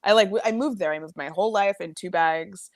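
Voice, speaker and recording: A woman's voice: fairly low pitch, a little fast, no room sound, studio quality. A woman chatting as a guest, rambling with lots of fillers and restarts. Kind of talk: casual chat.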